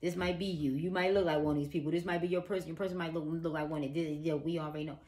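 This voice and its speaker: A woman's voice: low-pitched, fairly even intonation, very fast, dark tone. A woman giving a casual psychic tarot reading, blunt and profane, talking straight to the viewer. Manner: blunt, profane, emphatic, talks to viewer as "girl". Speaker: tarot reader.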